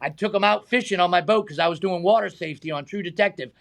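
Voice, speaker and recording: A middle-aged man, a stunt man telling animated anecdotes in a casual interview, acting out the voices of the people in them and laughing often. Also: high-pitched, quick pace, gravelly. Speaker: stunt man and high diver, guest.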